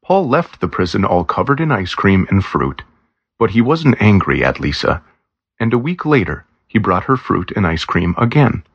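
Deep, gravelly male story narrator. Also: sing-song, moderate pace, no room sound, highs cut off.

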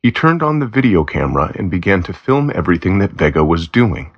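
A man reading a story aloud as narrator, steady and plain, lightly voicing the characters. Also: deep voice, fairly quick, dull audio. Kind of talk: scripted narration of a graded reader story.

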